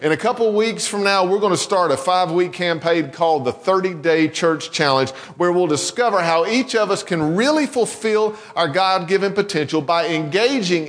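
In a church sanctuary, a high-voiced pastor gives a relaxed, folksy sermon that includes a told joke. He tells a story conversationally, circling back and restarting his words often, while the hall's long reverb rings around him.

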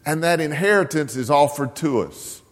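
A man preaching a sermon, telling a story slowly and emphatically, repeating key lines. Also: fairly high pitch, expressive, big-room sound. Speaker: pastor.

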